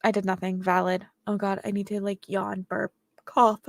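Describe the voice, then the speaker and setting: A young woman hosting a casual reading livestream as a booktuber reads viewer comments aloud and answers them chattily. Her medium-pitched voice has a level tone, normal speed, and some creak. It's recorded close and dry with no room sound.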